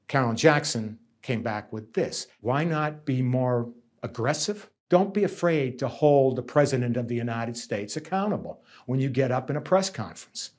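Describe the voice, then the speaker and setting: A man's voice: medium pitch, darkish tone, slightly rough. A middle-aged man, a union negotiator giving earnest, emphatic interview testimony and often repeating words.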